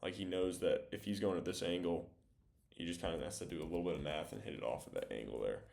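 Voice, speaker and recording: A man's voice: low-pitched, fast talker, gravelly, a little mellow. A young man casually breaking down volleyball game film, thinking aloud with lots of fillers as he goes. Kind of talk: casual video breakdown commentary.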